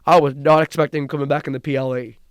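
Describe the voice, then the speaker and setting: Excited young man, rambling recap. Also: fairly high pitch, rapid-fire, smooth, no echo. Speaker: podcast co-host. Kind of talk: casual chat.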